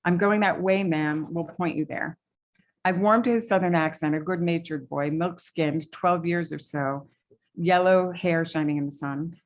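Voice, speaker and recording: Soft-pitched woman author reading aloud. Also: steady tone, normal speed. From New England. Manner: hesitant with fillers between readings. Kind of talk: reading aloud from her novel at a library talk.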